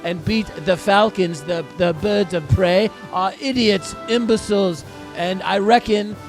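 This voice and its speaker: A man putting on a rowdy, hungover English lad with a put-on British accent. He rants in a coarse, rambling, swearing way, his voice pitched high. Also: unhurried, soft background music. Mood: crude.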